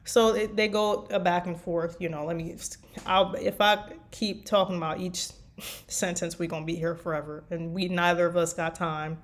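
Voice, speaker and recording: A fanfiction writer, sounding tired, rambles through a casual chat about her work with many fillers. Her voice is fairly low and steady, at a moderate pace.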